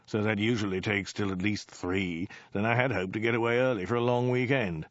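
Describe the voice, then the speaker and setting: Brief: a man playing a vain, dithering storybook warlord, low voice, dull dry recording. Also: fairly even intonation, fairly quick, no room sound, lightly acted. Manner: vague, rambling excuses with mild hesitations. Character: self-absorbed, dithering male warlord king.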